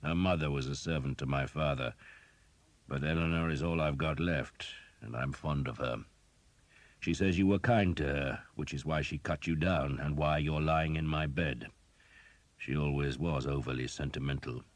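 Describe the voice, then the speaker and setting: A man voicing a scarred knight in his thirties with a deep, harsh voice, growling and sour. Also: steady tone, normal speed, dry recording. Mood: gruff.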